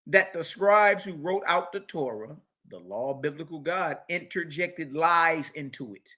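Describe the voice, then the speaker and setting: Middle-aged male Bible teacher, high forceful voice, mocking and combative delivery. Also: unhurried. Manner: mocking, confrontational, preachy. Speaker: religious teacher. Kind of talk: fiery scripture lesson.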